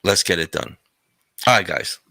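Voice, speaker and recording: Low gravelly ny dude hosting a podcast, bright edgy tone, dry sound. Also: male voice, lively intonation, moderate pace, no room sound. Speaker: podcast host, transit worker. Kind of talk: casual chat.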